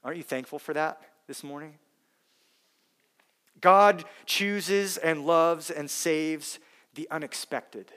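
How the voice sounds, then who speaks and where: A man preaching a sermon, emphatic, dropping his voice soft on key words. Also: a little high, steady tone, measured pace. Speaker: pastor.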